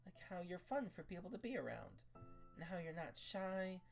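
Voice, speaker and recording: A woman voicing a soft-spoken, caring teenage girl who gently draws out her friend in a read-aloud fan story. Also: lowish voice, very animated, normal speed, gravelly, soft background music, voice pushed up. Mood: gentle.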